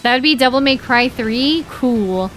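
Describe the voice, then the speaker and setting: A young woman chatting casually while streaming a game, animated and giggly, with lots of "like" fillers. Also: high-pitched, a little slow, soft background music.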